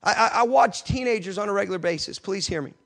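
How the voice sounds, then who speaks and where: A man with a high-pitched voice delivers a passionate sermon from the pulpit of a church. He swings between soft, confiding stretches and sudden loud bursts. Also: fast talker, gravelly. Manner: passionate preaching with sudden loud outbursts and acted quotes. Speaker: pastor.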